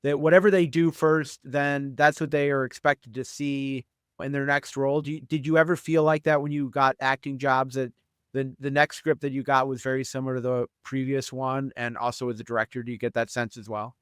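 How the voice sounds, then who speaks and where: A man's voice: mid-range voice, level tone, brisk, clear, resonant tone, dry recording, clean studio sound. A man hosting an indie film podcast, asking questions and praising his guest with enthusiasm. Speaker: podcast host. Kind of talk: podcast interview.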